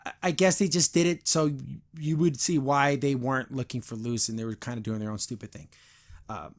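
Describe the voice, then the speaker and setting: A man's voice: mid-range voice, steady tone, fairly quick. A man hosting a podcast, giving a casual, blunt and critical review of a cartoon episode. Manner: retells scenes, briefly imitating characters.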